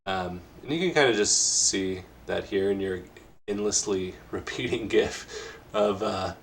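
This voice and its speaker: A man's voice: low-pitched, unhurried, slight background noise. A man co-hosting a casual game discussion, rambling and hesitant, with many fillers and restarts. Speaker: podcast co-host. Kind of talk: casual conversation about games.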